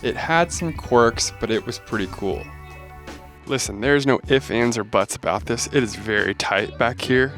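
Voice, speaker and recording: A man's voice: medium pitch, moderate pace, a bit bright, faint music behind. A man hosting a casual travel vlog, talking in an upbeat, self-deprecating and jokey way. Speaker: host.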